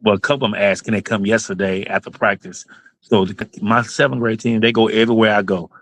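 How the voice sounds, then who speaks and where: A man's voice: fairly low pitch, fairly even intonation, quick pace, no echo, poor audio. A man, a basketball club owner and coach telling his story in an interview, earnest and emotional, going over points again and again.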